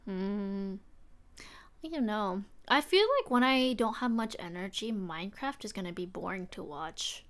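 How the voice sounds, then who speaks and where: A woman's voice: medium pitch, unhurried. A young woman livestreaming, chatting casually and rambling as she thinks aloud. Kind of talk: casual stream chat.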